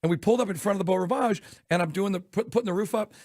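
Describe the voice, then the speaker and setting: A man co-hosting a sports radio show, telling stories quickly and laughing often. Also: high voice, a little mellow, no echo, clean studio sound. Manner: rapid storytelling, laughs often. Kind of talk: casual radio chat.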